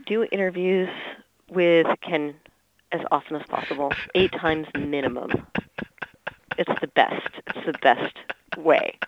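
A woman journalist on a podcast, talking in an animated, effusive way and laughing a lot. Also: low-pitched, measured pace, dry recording, lo-fi sound. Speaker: radio journalist, podcast guest. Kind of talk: casual interview chat.

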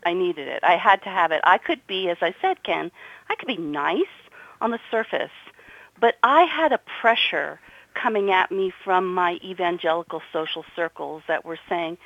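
A woman's voice: mid-range voice, lively intonation, normal speed, no echo. A middle-aged woman from New Jersey, a guest and author, telling her story earnestly and with emphasis in an interview. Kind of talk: conversational interview. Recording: dull, muffled audio.

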